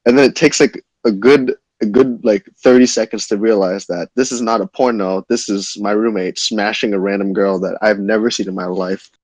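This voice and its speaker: A young man casually telling a wild story to his chat, animated and swearing freely. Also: fairly low pitch, dry recording, poor audio. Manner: animated, swearing, quick retelling.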